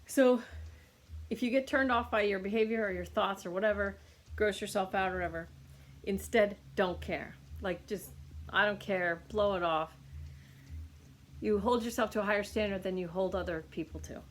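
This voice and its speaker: A woman's voice: mid-range voice, normal speed, slight background noise. Chatty woman giving an energy reading. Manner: chatty, rambling, many fillers and restarts. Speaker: energy healer reading for a client. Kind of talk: casual recorded healing reading.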